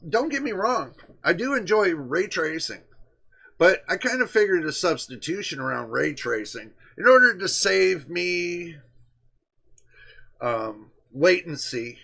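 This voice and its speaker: Gravelly-voiced guy chatting live to his viewers, pitch a bit high, keeps hammering his point. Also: expressive, slow pace, a bit bright. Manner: talks straight to chat, emphatic and repetitive. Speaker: livestream host. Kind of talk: casual livestream chat.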